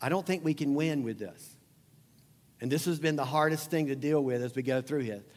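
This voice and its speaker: Pastor guy preaching, kinda high voice, chatty and emphatic, big echoey church. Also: brisk, a little mellow. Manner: conversational preaching, repeats phrases, emphatic. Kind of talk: sermon. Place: church sanctuary. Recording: long hall reverb.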